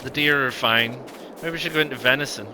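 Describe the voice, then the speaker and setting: A man's voice: medium pitch, fast talker, background noise. A man giving casual, rambling gameplay commentary, with lots of ums and self-corrections. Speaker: gaming video host.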